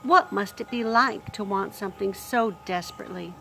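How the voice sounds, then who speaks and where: A woman voicing the thoughts of a kind young princess who speaks softly and with sympathy. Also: mid-range voice, normal speed, vocal fry, a little hiss or hum, pitched above the performer's own voice, poor audio. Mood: pitying. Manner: soft, sympathetic.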